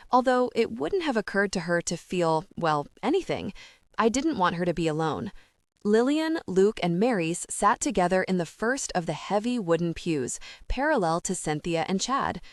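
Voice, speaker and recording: A woman's voice: medium pitch, no room sound. Woman narrating an audiobook in a dry close voice. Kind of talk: scripted first-person audiobook narration.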